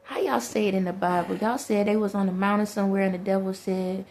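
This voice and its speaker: A woman's voice: mid-range voice, steady tone, fast, few pauses, darkish tone, a little hiss or hum. A woman, talking to her viewers in a rambling spiritual monologue, laughing often and speaking to presences only she feels.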